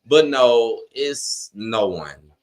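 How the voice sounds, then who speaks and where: Man ranting on a live stream, lively pitch. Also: extremely slow. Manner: frustrated, profane ranting, reads chat aloud. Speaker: wrestling watch-along streamer. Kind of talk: live-stream reaction rant.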